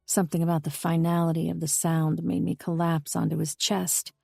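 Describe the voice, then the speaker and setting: A woman reading a first-person audiobook novel in a steady, intimate way. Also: low voice, a little fast, vocal fry, no room sound, studio quality, faint music behind. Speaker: audiobook narrator. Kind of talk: scripted first-person narration.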